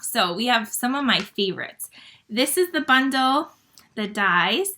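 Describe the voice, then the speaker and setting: Bright, chatty woman demonstrating crafts. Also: fairly high pitch, big pitch swings. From Michigan, USA. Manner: chatty and fast-talking, with many fillers. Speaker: paper-craft demonstrator hosting a live stream. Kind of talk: casual live craft demo.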